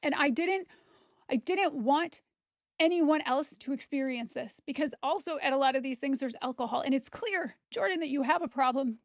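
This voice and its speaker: A woman's voice: high-pitched, moderate pace, no room sound, clean studio sound. A woman content creator giving a personal testimony straight to camera, blunt, heated and profane.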